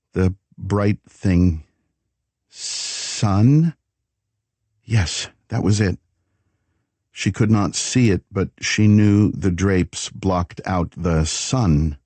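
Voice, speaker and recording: A man reading a thriller audiobook in calm, measured narration. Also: deep voice, slightly rough, no room sound. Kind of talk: scripted narration.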